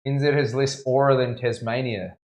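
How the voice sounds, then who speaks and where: A relaxed man talks casually while he works on a tattoo, trading jokes in an easygoing way and trailing off into mumbles when he focuses. His voice sits at an ordinary middle pitch for a man. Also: moderate pace. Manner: easygoing, joking, half-mumbled while concentrating. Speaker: tattoo artist streaming. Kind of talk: casual chat while working. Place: tattoo studio.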